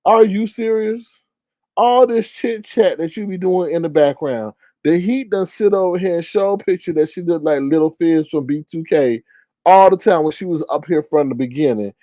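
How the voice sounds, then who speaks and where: A man giving casual commentary in an animated, slangy way, repeating phrases for emphasis. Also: on the high side, normal speed, dry recording.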